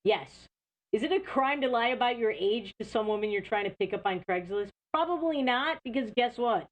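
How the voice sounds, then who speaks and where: A woman's voice: a little high, animated, normal speed, poor audio. Indignant woman hosting a talk show. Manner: indignant, rhetorical questions. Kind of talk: opinionated political commentary.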